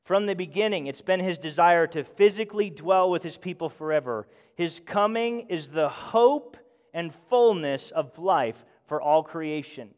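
A man preaching a sermon with passion, swinging between loud emphatic bursts and hushed, intimate moments. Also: fairly high pitch, animated, a little slow. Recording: long hall reverb.

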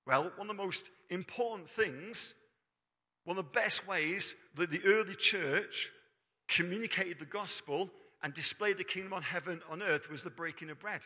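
A man's voice: high-pitched, normal speed, sharp tone, breathy edge. A man preaching a sermon in a church, talking conversationally and quizzing the congregation. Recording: long hall reverb.

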